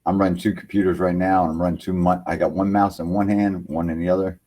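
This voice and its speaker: A man's voice: sits low, level tone, quick pace, warm tone. A man hosting an internet radio livestream, rambling loosely in casual chat from his home computer setup and filling lines with "man".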